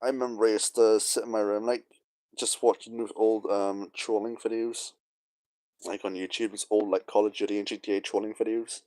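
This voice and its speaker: A young man muses in a loose, rambling monologue, full of fillers, sighs and wistful pauses. His voice is dark and mellow, and it sits in a dry, close space with no room sound. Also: fairly low pitch, little pitch movement, no room sound. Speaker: vlogger. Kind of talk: casual nostalgic monologue.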